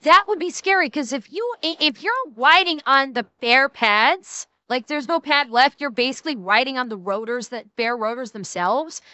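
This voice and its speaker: A woman's voice: high voice, normal speed, hardly any pauses, pushed and bright, clean tone, no echo. A woman hosting a casual stream chat, blunt and swearing freely as she reacts. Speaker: streamer host.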